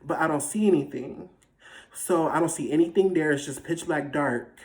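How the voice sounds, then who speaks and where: A vlogger casually telling a personal story in a dramatic, animated, slangy way. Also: medium pitch, normal speed. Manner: slangy, conversational.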